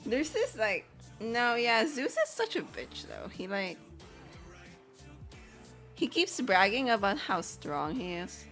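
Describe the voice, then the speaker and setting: A woman's voice: a little high, big pitch swings, slow, long pauses, fairly bright tone, soft background music. A young woman chatting casually on a live stream, rambling and giggling, full of "like".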